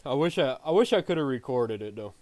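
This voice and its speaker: A man's voice: mid-range voice, lively intonation, quick pace, a little mellow, no echo. A man streaming, telling a story in a casual way, laughing often and swearing freely.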